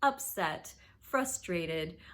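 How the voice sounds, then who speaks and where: A woman in her thirties, a therapist and host, explaining conflict and apology in an earnest, emphatic talk that sometimes drops to a soft whisper. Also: lowish voice, lively intonation, drawn-out words. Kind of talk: warm instructional talk to camera.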